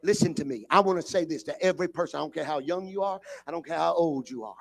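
Male preacher, raised voice, fervent revival delivery building to shouts in church. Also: a little high, fast, gravelly, hardly any pauses. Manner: fervent, rising from talk to shouting. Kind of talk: revival sermon. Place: church with live congregation.

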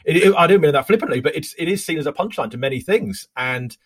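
A man who is a comedian and writer, chatting casually as a podcast guest with quick self-interrupting speech. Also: on the high side, lively intonation, breathy edge. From Britain. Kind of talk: casual chat.

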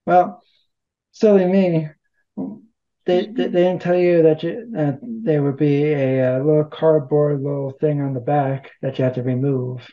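Guy chatting in an interview, kinda high voice, rambly and self-mocking, slightly muffled audio. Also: fairly even intonation, normal speed. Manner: rambling, self-deprecating humor. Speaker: interview guest. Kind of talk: casual conversation.

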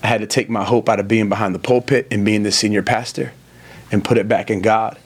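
A man's voice: lowish voice, steady tone, quick pace, slightly rough. A man in his forties, a pastor, answering interview questions in an earnest, storytelling way that builds to emphatic moments. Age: 40s. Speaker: pastor and podcast guest. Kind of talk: conversational interview, preacherly storytelling.

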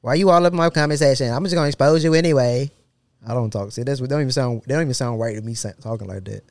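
A man's voice: medium pitch, racing, darkish tone, no echo, clean studio sound. A man co-hosting a podcast in casual chat, blunt and joking, often laughing between points. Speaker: podcast co-host.

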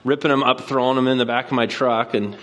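A man's voice: mid-range voice, steady tone, fast talker, fairly bright tone. Conversational male pastor preaching from a stage. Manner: conversational storyteller, asks repeated rhetorical questions. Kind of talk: sermon with personal anecdote.

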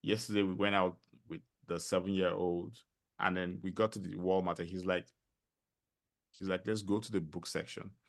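A middle-aged man with a Nigerian accent, a podcast guest telling stories in a casual interview, animated and full of fillers. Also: deep voice, normal speed. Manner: animated storyteller, many fillers.

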